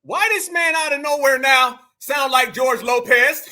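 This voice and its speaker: A man's voice: very high voice, moderate pace, bright, forceful tone. A man with hosting heated reaction commentary, combative and mocking, full of slang and rhetorical questions. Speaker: commentary host.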